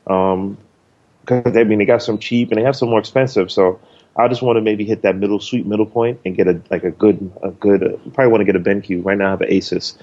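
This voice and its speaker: A man's voice: on the low side, fairly even intonation, fast, darkish tone, lo-fi sound. A man co-hosting a podcast, talking loosely and rambling with lots of ums and casual swearing. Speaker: podcast co-host.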